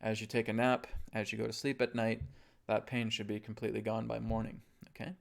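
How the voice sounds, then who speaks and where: A man giving a calm, instructive talk on a live webcast, often checking in with his listeners. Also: lowish voice, fairly quick, gravelly. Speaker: spiritual teacher.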